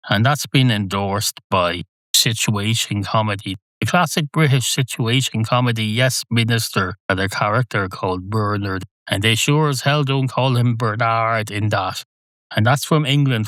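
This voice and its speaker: A man's voice: lowish voice, a bit bright, no room sound. A man hosting a solo podcast, talking in a wry, digressive, self-mocking way. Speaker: podcast host. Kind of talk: solo rambling monologue.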